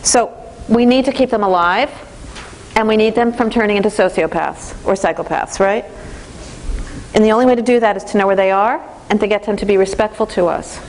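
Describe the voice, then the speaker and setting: A woman giving a parenting training lecture in an animated way, acting out the voices of teens and parents. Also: mid-range voice, brisk, a little hiss or hum.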